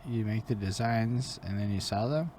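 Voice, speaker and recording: A man's voice: fairly low pitch, moderate pace, a little mellow. A man hosting an interview in casual chat, talking loosely and rambling, with frequent swearing. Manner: loose, profane, rambling talk. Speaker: interview host.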